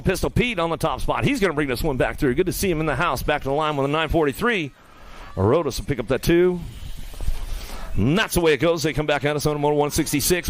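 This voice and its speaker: A man announcing live BMX races, rattling off rider names and calling the action in quick bursts, with joking banter aimed at the riders. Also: high voice, a bit bright, smooth. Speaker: race announcer. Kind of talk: live BMX race commentary.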